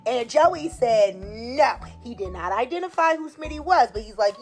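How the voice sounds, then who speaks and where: A woman's voice: a little high, expressive, moderate pace, few pauses, faint music behind. A woman casually recapping a soap opera episode in a sassy, opinionated way and acting out the characters' lines. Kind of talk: casual chat.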